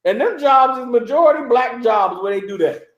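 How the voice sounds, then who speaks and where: A man preaches on a livestream in a high, light voice. He talks in an animated, mocking way and keeps checking in with his listeners. The sound is roomy and echoing. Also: normal speed, dull audio. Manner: animated, mocking, repeats "You understand?". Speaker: religious teacher.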